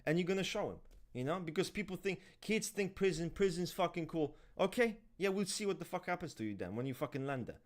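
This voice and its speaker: A man's voice: sits high, fast talker. Profane ranting man. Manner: swears a lot, animated, ranting. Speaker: podcast co-host. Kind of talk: heated casual discussion.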